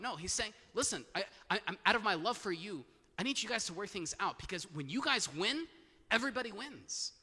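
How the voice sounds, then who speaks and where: A man's voice: sits high, pushed and bright. A man preaching a Bible study sermon, teaching scripture with emphatic, repeated phrases. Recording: long hall reverb.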